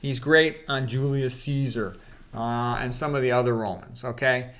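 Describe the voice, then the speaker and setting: Brief: man, mid-pitched, easygoing solo talk, reads quotes and comments offhand, peppered with "okay". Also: steady tone, moderate pace, fairly bright tone. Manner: conversational, fillers like "okay" and "you know", opinionated asides. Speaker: channel host. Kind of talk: casual talk reading quotes.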